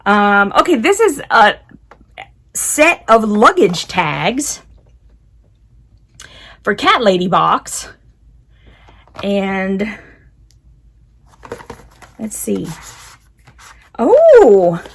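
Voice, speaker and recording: A woman's voice: medium pitch, big pitch swings, very slow, creaky, pauses often. A woman chatting casually while unboxing, giggling often and talking to her cat. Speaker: unboxing vlogger.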